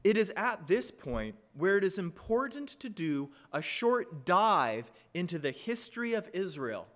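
A man preaching a sermon as pastor, reading scripture aloud with an expressive, emphatic delivery. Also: high-pitched, a little slow. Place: church.

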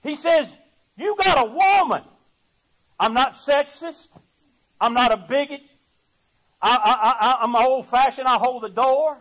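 A man's voice: very high-pitched, a little slow, a bit bright, low-quality recording. A man preaching a sermon, emphatic and folksy, repeating words as he builds his point. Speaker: pastor.

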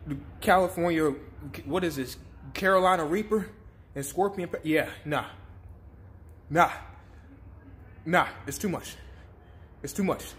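Speaking at a measured pace with frequent pauses, a young man with a fairly high, fairly bright voice vlogs casually to camera. The spicy chip challenge has him in pain and sniffling, and he pleads over and over in short, distressed bursts.

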